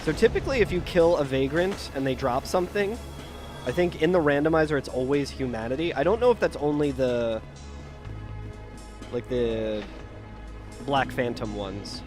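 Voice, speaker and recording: A man's voice: medium pitch, expressive, normal speed, long pauses, music in the background. A tired man with a Philadelphia Delco accent chatting casually while he streams a game, rambling and profane, and mocking himself. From Pennsylvania, United States. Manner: rambling, profane, self-deprecating. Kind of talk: casual live-stream chat while gaming.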